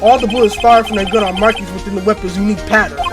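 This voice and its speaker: Woman reading out a young lawyer dude laying out evidence, calm and steady, music in the back. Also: mid-range voice, pitched below the performer's own voice, lightly acted. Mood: determined. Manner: measured, explanatory reading of dialogue. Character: confident young male defense attorney.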